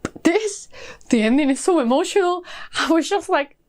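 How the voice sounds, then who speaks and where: A woman's voice: extremely high pitch, expressive, normal speed. A woman giving a casual book review vlog, gushing with enthusiasm and filling her talk with "like" and "uh". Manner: gushing, enthusiastic, many fillers like "like".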